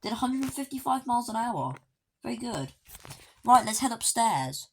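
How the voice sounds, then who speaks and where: A woman's voice: a little high, sing-song, normal speed, breathy edge. A woman giving a casual walkthrough commentary of a video game, with dry, offhand joking asides. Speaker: gaming video creator.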